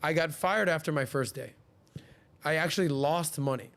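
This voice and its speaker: A man's voice: a little high, moderate pace. A man in his forties hosting a podcast, telling stories casually and acting out the voices of the people he quotes. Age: 40s. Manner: animated, acts out quoted voices. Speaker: podcast host. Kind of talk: casual storytelling.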